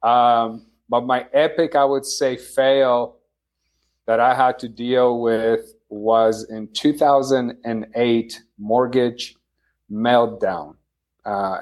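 A man from Poland, a company founder, answering interview questions in a relaxed, measured way with many fillers. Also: mid-range voice. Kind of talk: casual interview.

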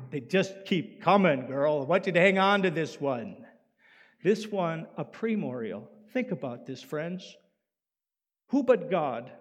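High-voiced man preaching in a hall. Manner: animated preaching, rising loud then dropping quiet. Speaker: pastor. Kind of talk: sermon. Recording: long hall reverb.

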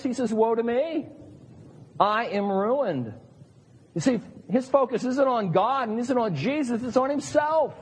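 A middle-aged male pastor delivers an earnest sermon in a slightly husky voice that sits a little above the usual male pitch. His words ring out with a long reverb from a church hall. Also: a little mellow. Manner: earnest, preacherly, acts out quoted voices.

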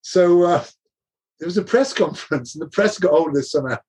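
Husky-voiced man telling laughing stories. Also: on the high side, lively intonation, a little fast, darkish tone. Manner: laughs often while telling stories, restarts sentences. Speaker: interview guest, former rugby coach. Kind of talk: casual anecdotal storytelling.

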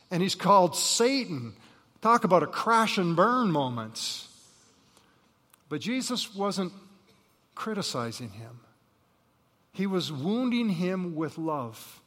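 Animated male pastor preaching in a hall. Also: sits high. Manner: animated storytelling, acting out Bible figures with rising voice. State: jet-lagged. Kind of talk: sermon. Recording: reverberant hall.

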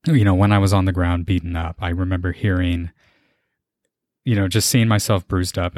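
Earnest low-voiced young man. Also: darkish tone, no room sound, clean studio sound. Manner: earnest, halting, emotional. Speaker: podcast host. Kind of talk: personal faith testimony.

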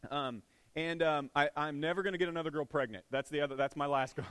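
A man's voice: fairly high pitch, fast, fairly bright tone, clear, resonant tone, no room sound, lightly acted. A man voicing a young male ex-convict boyfriend who talks in a sheepish drawl. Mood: sheepish boasting.

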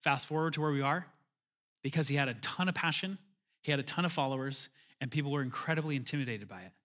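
A man's voice: medium pitch, fast, a bit bright. A man preaching a conversational sermon as pastor, calling for amens and building to emphatic bursts.

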